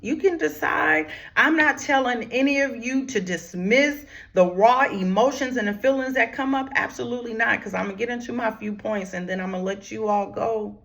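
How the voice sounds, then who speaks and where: A woman therapist hosts a heartfelt talk on grief, with a voice pitched a little high. She speaks straight to her listeners, often calling them "y'all," in a preacher-like rhythm. She drops to near whispers and then rises with force. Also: moderate pace, hardly any pauses. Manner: swings from hushed whispers to raised, forceful lines. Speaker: grief therapist and channel host.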